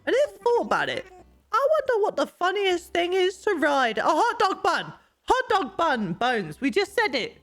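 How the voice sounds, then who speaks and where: Girl doing a goofy excitable dog guy, squeaky and bouncy, yelling vroom noises. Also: normal speed, heavily acted. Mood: excited. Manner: excitable, gushing, shouting sound effects. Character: bubbly goofy male dog villager, easily excited.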